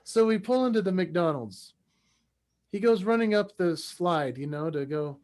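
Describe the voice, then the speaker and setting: A man in his forties, a podcast guest, telling an animated personal story and acting out the voices in it. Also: high voice, unhurried. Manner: acts out voices in his stories.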